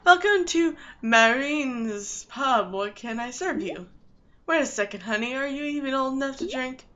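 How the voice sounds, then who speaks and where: A woman's voice: high-pitched, lively intonation, a little slow, sharp tone, muffled recording, voice pushed up, full character voice. A woman voicing a friendly female barkeeper in a put-on Southern US accent, with a drawling, welcoming manner.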